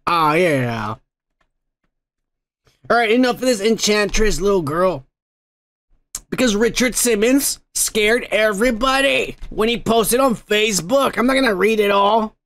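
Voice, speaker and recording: Gravelly high-voiced man ranting crudely. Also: normal speed, a bit bright. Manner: profane, ranting, swears constantly. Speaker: podcast host. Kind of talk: crude drunken comedy rant.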